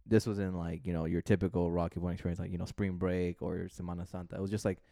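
Male podcast co-host, low and smooth, dry close sound, casual animated storyteller. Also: fast, no room sound. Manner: animated storytelling, acts out quoted voices; swears casually. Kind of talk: casual chat.

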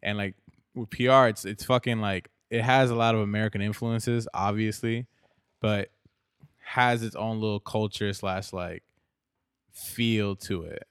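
A man's voice: on the low side, steady tone, measured pace, smooth, dry recording, studio quality. A man co-hosting a podcast who rambles through his stories with lots of fillers and swearing. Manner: rambling, filler-heavy storytelling. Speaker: podcast co-host. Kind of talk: casual chat.

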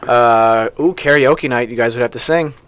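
A man's voice: mid-range voice, normal speed, a bit bright, clean tone. Playful man hosting a party game. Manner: laughs often, upbeat and playful. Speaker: podcast host. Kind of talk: casual chat, running a party game. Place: newspaper office studio.

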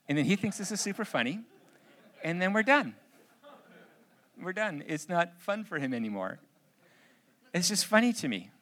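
A middle-aged male pastor delivers a sermon in a fairly high voice. He keeps it light, telling family stories and briefly putting on the voices of the people in them. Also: very animated, moderate pace, long pauses, a bit bright. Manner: humorous storytelling, acts out family voices.

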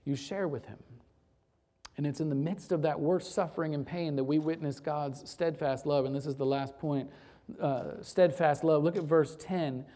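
A man's voice: fairly high pitch, fairly even intonation, normal speed, warm tone. Emphatic male pastor preaching. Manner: emphatic preaching, repeats phrases for effect. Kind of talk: sermon.

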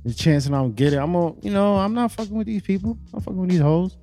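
A man's voice: high-pitched, quick pace, dark tone, soft background music. A man telling a long, profane story in casual chat among friends.

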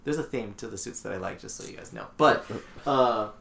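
A man's voice: lowish voice, fairly quick, creaky, a little hiss or hum. A man hosting a casual chat among friends, rambling with lots of fillers as he explains. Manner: rambling, filler-heavy, relaxed. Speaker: podcast host leading the segment.

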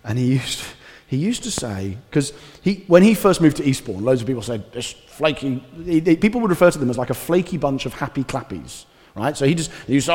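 A male pastor giving a conversational, animated sermon with casual asides. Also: medium pitch, quick pace. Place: church hall. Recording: reverberant church hall.

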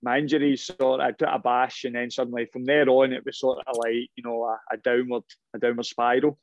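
In a casual interview, a middle-aged man who once played professional football spins lively, rambling tales of his career, fairly quickly and in a mid-range voice, often starting over mid-thought. The sound is dry and close, with a slightly muffled, dull high end.

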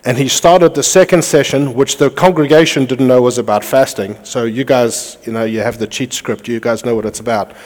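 A man's voice: medium pitch, fairly even intonation, fairly quick, few pauses. Man preaching in an echoey hall. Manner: storytelling, acting out dialogue in a hushed voice. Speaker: pastor. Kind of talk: sermon.

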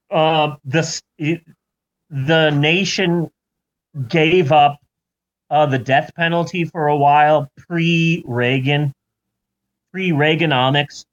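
A man hosting a podcast, telling a story in a playful, jokey way. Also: a little high. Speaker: podcast host. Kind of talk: comedic storytelling. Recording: lo-fi recording.

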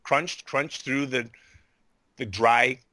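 A man's voice: medium pitch, takes it slowly, dry recording. A middle-aged man, a podcast guest, telling a story with animation and acting out the voices of the people in it. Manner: animated, acts out players' voices in his story. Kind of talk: storytelling in a casual chat.

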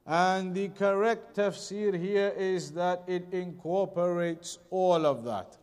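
A man with a high, light voice gives a Quran commentary lesson. He rattles off the source text briskly, then slows down to explain each point, repeating key phrases for his students. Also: darkish tone, clean tone. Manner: reads Arabic text quickly, then explains slowly with repetition. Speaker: Islamic teacher.

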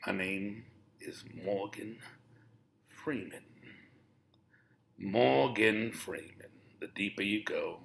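A man doing an impression of a famous actor, putting on a deep, slow, hushed voice with measured, solemn delivery. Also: vocal fry, full character voice.

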